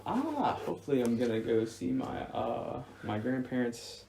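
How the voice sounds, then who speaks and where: A man's voice: medium pitch, big pitch swings, moderate pace, gravelly, mellow, slight background noise. A man on a podcast chatting casually in a laid-back, hesitant way with lots of fillers. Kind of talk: casual chat.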